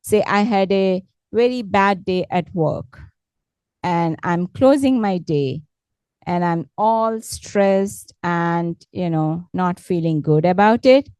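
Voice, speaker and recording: Slow, gentle woman teaching positive thinking. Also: on the low side, clean tone, no echo. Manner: slow, patient, repeats words and asks "correct?"; gentle, encouraging. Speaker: meditation instructor. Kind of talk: guided talk on positive thinking.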